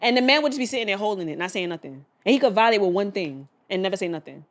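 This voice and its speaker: A woman's voice: medium pitch, lively intonation, very fast. A woman co-hosting a casual podcast chat, blunt and profane, talking with strong emphasis. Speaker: podcast co-host.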